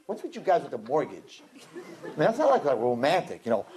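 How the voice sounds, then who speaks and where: A man's voice: medium pitch, fairly quick, a little hiss or hum. A man speaking as a rabbi, giving a humorous sermon and acting out the people in his stories. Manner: animated storyteller, acts out voices in quotes.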